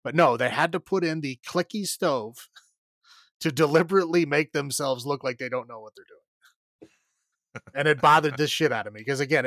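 A man recaps a film for a podcast in a loose, rambling way, laughing often and filling pauses with fillers. His pitch sits mid-range, and the close, dry mic gives no room sound. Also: fairly bright tone, no echo. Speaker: podcast co-host. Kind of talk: casual movie recap chat.

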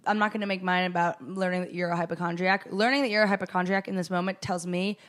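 A woman's voice: lowish voice, steady tone, quick pace, fairly bright tone. A woman co-hosting a podcast, chatting casually, teasing her friend and stumbling over her words. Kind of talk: casual chat.

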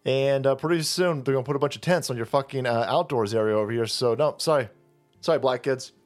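A man's voice: medium pitch, fast, soft background music. A man hosting a profane political commentary channel, sarcastic and mocking as he talks over a clip. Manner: sarcastic, mocking, foul-mouthed, laughing.

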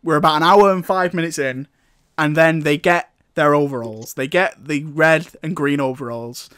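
A man with a slightly high voice recaps a film in a loose, rambling way. He sounds amused throughout, with dry sarcasm and laughter breaking in. The sound is close and dry, with no room around it. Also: steady tone, moderate pace, fairly bright tone, clear, resonant tone, dry recording. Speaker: film reviewer. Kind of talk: casual comic film recap.

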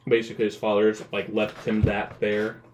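A man's voice: on the low side, monotone, moderate pace, a little hiss or hum. A young man chatting casually, rambling with lots of fillers and laughing often. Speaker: guest. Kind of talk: casual chat.

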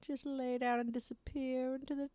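A woman's voice: high-pitched, level tone, normal speed, dark tone, no echo, pitched above the performer's own voice, lightly acted. A woman voicing the wild land as a sly villain who tempts a hiker to lie down and give up, in a teasing, sing-song way. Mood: coaxing.

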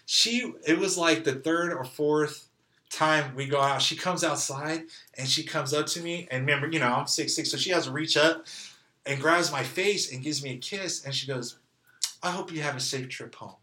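Speaking at a moderate pace with a slightly high voice and reverberant sound, a California man shares a personal story as a guest. He stays animated and laughs frequently, acting out quoted lines.

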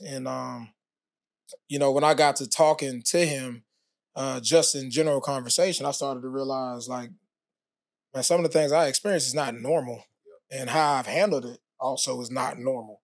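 A man, a former pro athlete, telling his story as a podcast guest in a relaxed, casual way with many fillers. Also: medium pitch, no echo, clean studio sound. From United States. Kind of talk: casual interview talk.

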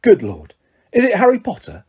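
Weary, stammering storybook wizard dad, soft and husky, as a male narrator puts him on. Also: sits high, wildly swooping pitch, moderate pace, voice pushed up, full character voice. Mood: weary, flustered. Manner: tired, mumbling, then flustered. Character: mild, flustered middle-aged wizard father.

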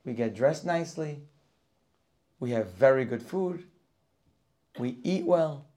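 A man's voice: medium pitch, animated, takes it slowly. A man teaching a Torah class for Rosh Hashanah, reading Hebrew verses and translating them line by line. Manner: reads Hebrew verses and translates each, rising and louder as he goes.

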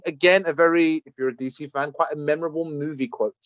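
A man hosting a casual podcast quiz, reading out questions, with playful laughs and quick asides. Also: fairly high pitch, fairly even intonation, a bit bright, no room sound. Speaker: podcast host, quizmaster.

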